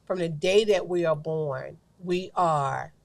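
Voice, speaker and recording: A woman's voice: low voice, slow, creaky, no echo. A woman co-hosting a talk show, sharing a faith message in a chatty way, full of "you know" and "like". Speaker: co-host giving a faith segment. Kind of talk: casual devotional talk.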